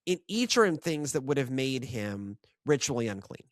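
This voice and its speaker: Co-host, animated scripture chat, lots of fillers and restarts, dry close mic, mid pitch. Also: normal speed, dry recording. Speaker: podcast co-host. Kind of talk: casual Bible discussion.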